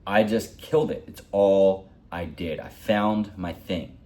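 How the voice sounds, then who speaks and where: Man, 40s, deep voice, rambling heartfelt storyteller, vlog. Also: a little slow, darkish tone. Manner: rambling, heartfelt, repeats himself. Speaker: hockey vlogger. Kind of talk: personal storytelling.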